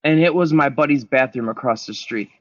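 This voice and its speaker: A man's voice: mid-range voice, fairly quick, no echo, dull audio. A man guest on a podcast, telling his story in a blunt, emphatic way with plenty of swearing. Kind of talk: candid storytelling interview.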